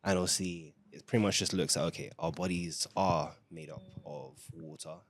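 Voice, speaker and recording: A man's voice: sits low, fairly even intonation, moderate pace, slight background noise. A young man from the UK, a family guest on a podcast, speaking in an earnest, reflective way with many fillers. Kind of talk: casual discussion.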